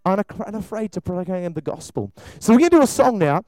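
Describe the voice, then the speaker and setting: Lively preacher guy, voice jumps all over, dry close sound, preaching to kids. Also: high voice, fast talker, no echo, low-quality recording. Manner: animated, acts out voices, shifts between loud and soft. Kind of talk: lively sermon to children and a congregation.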